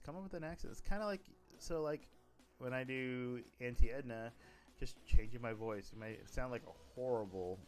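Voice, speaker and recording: A man's voice: mid-range voice, a little mellow. A man streaming, talking casually about running a role-play server, rambling with frequent restarts and self-corrections. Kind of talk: casual livestream talk.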